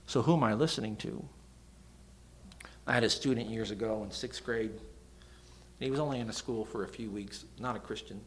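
A middle-aged man preaching a sermon in an animated, dramatic way, dropping into sudden soft asides. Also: mid-range voice, a little fast, pauses often, slight background noise.

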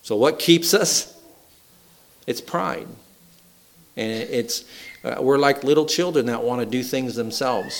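A man's voice: mid-range voice, animated, normal speed, a bit bright. A man preaching a folksy sermon, asking the congregation questions and acting out the voices he quotes. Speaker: pastor.

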